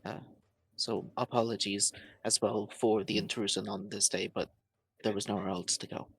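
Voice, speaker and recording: A man's voice: fairly low pitch, flat delivery, normal speed, gravelly, a bit bright, slightly rough, no room sound. A man playing a tabletop game, speaking in character in a polite, formal way. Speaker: player.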